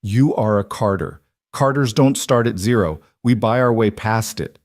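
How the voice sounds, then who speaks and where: A man voicing a cold, proud, wealthy mother who speaks flatly. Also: lowish voice, moderate pace, dry recording, studio quality, close to an everyday voice. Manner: flat, cold.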